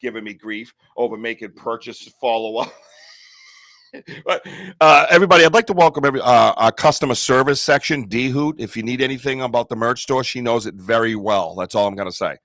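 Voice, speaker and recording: Joking, bright-voiced male podcast host. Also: medium pitch, fairly quick. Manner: rambling, joking, laughs often. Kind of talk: casual live podcast banter.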